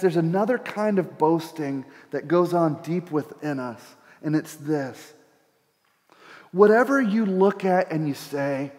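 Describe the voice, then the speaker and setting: A man's voice: on the high side, a little mellow. A middle-aged man preaching a conversational sermon as pastor, repeating words as he thinks aloud. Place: church hall. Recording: church hall with long reverb.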